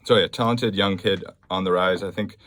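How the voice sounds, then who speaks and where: Male podcast host, lowish voice, casual and blunt. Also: fairly even intonation, normal speed, a bit bright. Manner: blunt, offhand, reads news aloud with fillers. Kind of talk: casual solo podcast commentary.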